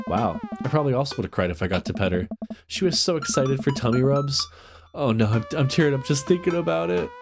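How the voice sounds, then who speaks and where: Joking man reading a game aloud. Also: medium pitch. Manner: joking, reads dialogue in playful voices. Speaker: game streamer.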